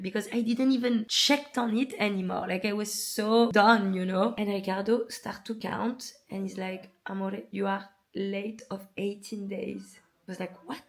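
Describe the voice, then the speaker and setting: A woman, telling personal stories to camera in a chatty, animated way, full of likes and restarts. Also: medium pitch, creaky. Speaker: vlogger. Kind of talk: casual storytelling to camera.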